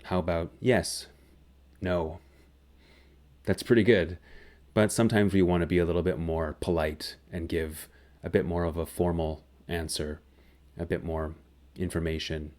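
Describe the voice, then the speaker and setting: Slow low-voiced male teacher. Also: flat delivery, a little mellow. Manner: slow, clear, deliberate explanation. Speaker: English teacher. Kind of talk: grammar lesson.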